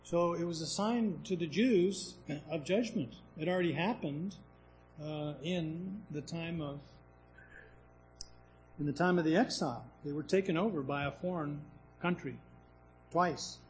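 Man preaching, slightly high voice, chatty Bible teaching, rhetorical questions, faint hum. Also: measured pace, darkish tone, poor audio. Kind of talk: sermon.

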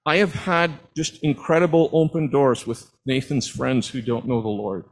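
A man's voice: medium pitch, steady tone, moderate pace, slight background noise, poor audio. Middle-aged guy giving a testimony sermon, earnest storytelling, kinda emotional. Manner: earnest storytelling, at times moved to tears. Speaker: preacher.

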